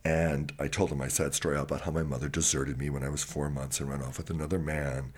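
A man from Wisconsin telling personal stories in an interview, animated and acting out other people's voices. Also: a bass voice, fast talker, slightly rough. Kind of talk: candid personal storytelling.

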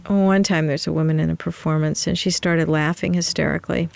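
Low, gravelly woman telling stories. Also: steady tone, a little fast, a little mellow. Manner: candid, laughs often while telling stories. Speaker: playwright and solo performer. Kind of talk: interview conversation, storytelling.

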